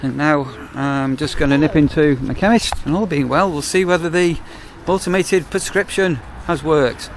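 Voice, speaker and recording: A man's voice: on the high side, moderate pace, few pauses, a little hiss or hum. A man, a campsite warden chatting casually in a rambling vlog with wry asides. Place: on the move, outdoors and in a car.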